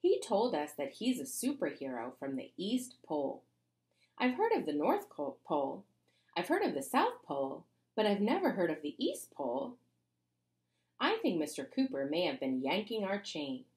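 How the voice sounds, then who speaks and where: A woman reading a children's chapter book aloud in an expressive, playful way. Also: on the low side, moderate pace. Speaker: reader.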